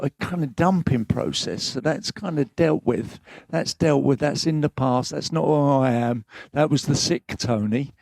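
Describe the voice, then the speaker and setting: A man's voice: fairly high pitch, gravelly, a little mellow, no echo. A man, giving a frank, emotional live talk about recovery that halts and restarts as he goes. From England. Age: late 50s. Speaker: guest speaker. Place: live event venue.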